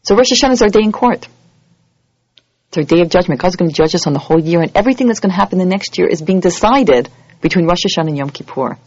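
Religious teacher, sermon, husky voice, animated storyteller, lo-fi dry recording. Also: medium pitch, fast, dry recording. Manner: lively, acts out everyday scenes in other voices. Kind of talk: holiday sermon to a congregation.

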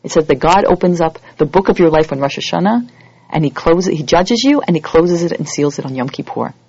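Gravelly, husky voice giving a holiday sermon. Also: mid-range voice, brisk, dry recording, highs cut off. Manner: lively, acts out everyday scenes in other voices. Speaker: religious teacher.

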